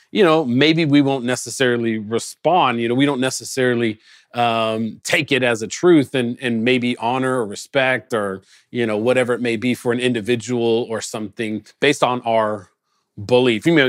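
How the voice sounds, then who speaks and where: During lockdown, away from the congregation, a male pastor gives a casual sermon in a conversational style, telling stories with animation and acting out quotes. His voice is mid-range and his pace normal. The recording has no room sound and is of studio quality.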